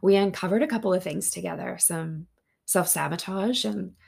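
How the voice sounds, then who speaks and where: Gravelly-voiced woman podcast host. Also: lowish voice, normal speed. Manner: earnest, open, excitable. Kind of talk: casual heartfelt monologue.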